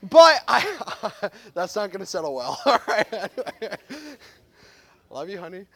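A man in his thirties delivers a sermon from the pulpit. His voice sits remarkably high for a man, and he swings from loud, emphatic lines to soft, reflective ones. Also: very animated, takes it slowly, vocal fry. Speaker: pastor.

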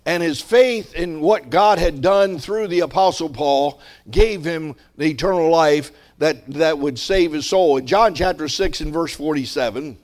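Male pastor, sermon delivery, slightly higher-pitched voice, builds to emphatic exhortation between chatty stories. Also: measured pace, hardly any pauses. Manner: preaching with rising emphasis, conversational asides.

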